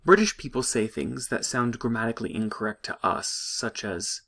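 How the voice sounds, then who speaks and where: A man giving a recorded psychology lecture, explaining things in a measured way. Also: lowish voice, lively intonation, gravelly, fairly bright tone.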